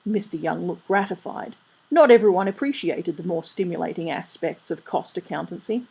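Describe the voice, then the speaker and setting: A woman's voice: lowish voice, moderate pace, creaky, warm tone, husky, low-quality recording. A woman reading a comic novel aloud in a dry, wry manner. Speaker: audiobook reader. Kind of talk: storybook narration.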